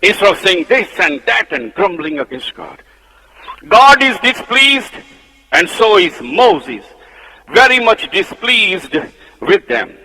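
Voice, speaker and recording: A man with a Punjabi accent preaching a sermon, emphatic, swinging between loud declarations and soft low asides. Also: sing-song, takes it slowly, breathy edge. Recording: long hall reverb.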